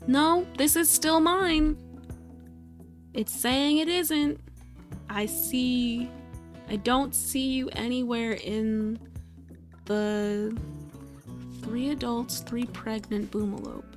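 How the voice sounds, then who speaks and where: A woman's voice: on the high side, fairly even intonation, extremely slow, pauses often, over music. A woman streaming a game, giving exasperated live commentary and swearing freely as she talks to the game.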